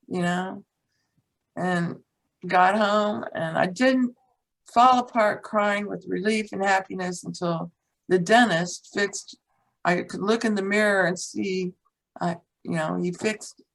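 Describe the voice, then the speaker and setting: On a rough recording, a woman who is a teacher and author shares a personal story as a guest. She's blunt and frank, swears casually, and has a gravelly, medium-pitched voice.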